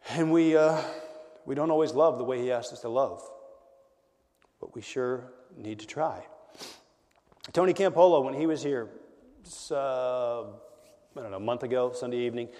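A man preaching a conversational sermon as a pastor, swinging between loud emphasis and quiet, intimate lines. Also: medium pitch, moderate pace, pauses often, in a large hall.

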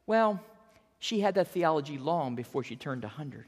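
A pastor in their fifties delivers a sermon with a lively voice that swings up and down. The delivery is earnest and animated, and words often get repeated. The sound carries a long reverb from a church hall. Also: mid-range voice, moderate pace, husky. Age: 50s.

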